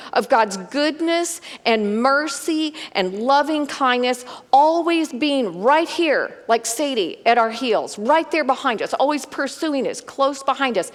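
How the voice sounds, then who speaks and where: Woman leading a women's Bible study, lively and chatty, fairly high voice, echoing large room. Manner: conversational, animated, talks straight to the group.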